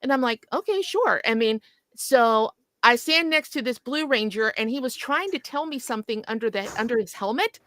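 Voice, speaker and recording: A woman co-hosting a casual talk show, telling stories in an animated way and laughing often. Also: fairly high pitch, a little fast, dry recording. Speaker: co-host. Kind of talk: casual chat, storytelling.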